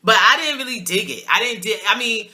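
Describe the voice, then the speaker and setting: A woman with a New York accent hosts a casual TV recap as a review host, talking briskly in a slightly high voice. She's opinionated and slangy, staying animated and laughing along the way.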